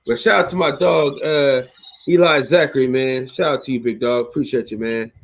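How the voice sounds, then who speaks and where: A man hosting a casual livestream, talking in slang and shouting out viewers in the chat. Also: medium pitch, fairly even intonation, normal speed. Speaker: show host.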